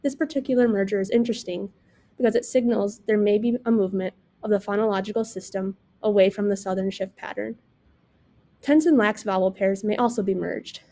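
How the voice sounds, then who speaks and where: A woman's voice: mid-range voice, a little fast, mellow. A young woman reading a class presentation aloud from a script, saying example words with care. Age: young adult. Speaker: student presenter.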